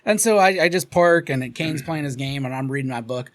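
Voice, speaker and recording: A man with a Cincinnati accent, co-hosting a podcast and telling a story in a loose, profane, animated way. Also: mid-range voice, fairly quick. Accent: Cincinnati, Ohio. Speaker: podcast co-host. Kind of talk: casual storytelling chat.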